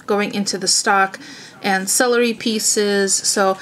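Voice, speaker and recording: A woman's voice: medium pitch, fairly even intonation, slow, fairly bright tone, rough recording. A woman vlogging at home, chatting casually and rambling with fillers and little laughs while cooking in her kitchen. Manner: rambling, self-amused, lots of fillers.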